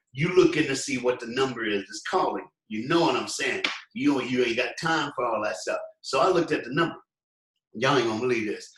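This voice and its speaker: A man giving a motivational speech, telling a story with lively acted-out quotes and talking straight to the listeners. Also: medium pitch, roomy sound, distant mic, poor audio. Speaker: motivational speaker.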